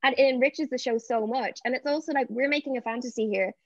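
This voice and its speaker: A woman's voice: sits high, fast talker, no echo. A woman being interviewed as an actress over a video call, answering fluently and reflectively. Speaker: actress guest. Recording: dull lo-fi, dry.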